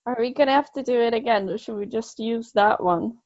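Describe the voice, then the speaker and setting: A woman's voice: fairly high pitch, fairly quick, a little mellow, no echo. A woman co-hosting a podcast in casual chat, giggly and self-conscious as she banters. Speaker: podcast co-host. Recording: dry, slightly dull lo-fi sound.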